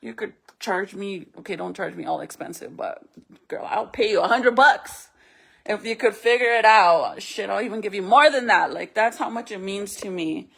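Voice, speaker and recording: A woman's voice: medium pitch, normal speed, vocal fry, a bit bright, husky. A young woman at home, talking casually to her vlog audience, sad and sometimes close to tears. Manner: sad, venting, sometimes tearful. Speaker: vlogger.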